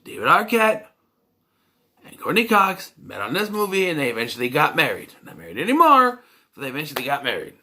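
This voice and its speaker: Rambling bright-voiced man reviewing a movie. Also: on the high side, huge pitch swings, fairly quick. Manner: rambling, many fillers and restarts.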